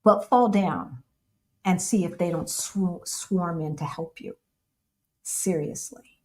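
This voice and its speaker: A woman's voice: lowish voice, slow pace, a little mellow. An American woman hosting a casual livestream with her partner, chatting and answering viewer questions. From United States. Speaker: co-host of a livestream.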